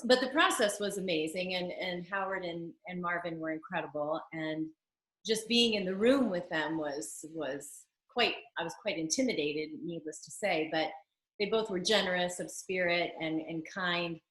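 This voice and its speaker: A woman telling an emotional story in an animated way as an interview guest, speaking over a video call. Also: lowish voice, moderate pace. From United States. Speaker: interview guest, singer and actress. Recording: roomy video-call audio.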